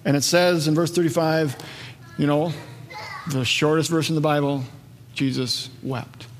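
A pastor preaches a sermon, telling stories with lively energy and acting out the voices of the people in them. His voice is on the high side at a moderate pace, with slight background noise. The recording carries the long reverb of a large hall.

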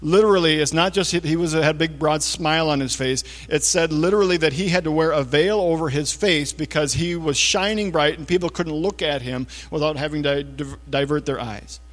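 Male pastor, slightly high voice; casual, chatty sermon delivery that sinks to a near-hush on key points; recorded with long church reverb. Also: a little fast, few pauses. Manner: casual, talks to listeners with frequent checks like "okay?" and "all right?"; often drops to a low, hushed voice for emphasis. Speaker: preacher. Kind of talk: conversational sermon. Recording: long reverb of a large hall.

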